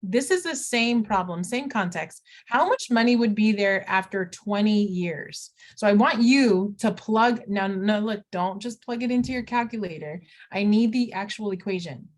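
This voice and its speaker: A woman's voice: medium pitch, moderate pace, few pauses. A middle-aged woman teaching math in a recorded lesson, talking students through each step with playful asides.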